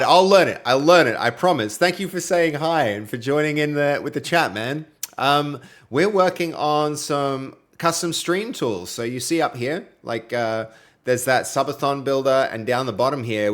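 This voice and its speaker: A young Australian man, a programmer livestreaming, chats casually with his audience as he works through code, reading viewers' messages aloud as they arrive. His medium-pitched voice is a bit bright. The talk is loose and friendly, full of fillers.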